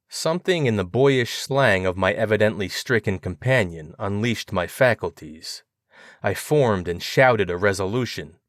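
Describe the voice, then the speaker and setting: A man reading a horror story aloud in a grave, measured narration. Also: fairly low pitch, dry recording, clean studio sound.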